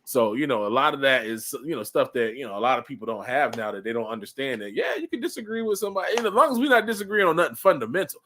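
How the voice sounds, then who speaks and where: A man's voice: medium pitch, very animated, fast talker, hardly any pauses, bright, forceful tone, slight background noise. A man chatting in who talks earnestly and rambles, with a lot of fillers. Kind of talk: casual chat.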